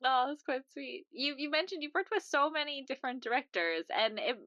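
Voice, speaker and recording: A woman's voice: high-pitched, lively intonation, brisk, crowd noise. A woman hosting an interview, chatting casually and asking questions with a few restarts. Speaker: interviewer, host. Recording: dull lo-fi recording.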